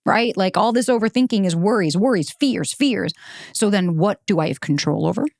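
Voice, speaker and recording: A woman in her thirties, a dating coach, talking candidly to listeners in a casual monologue, swearing freely with animated bursts. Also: medium pitch, normal speed, vocal fry, no echo, clean studio sound. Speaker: dating coach and podcast host.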